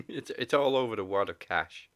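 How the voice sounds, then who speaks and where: A man co-hosting a podcast in casual chat, dry and low-key as he runs through the match list. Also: animated, measured pace, fairly bright tone. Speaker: podcast co-host.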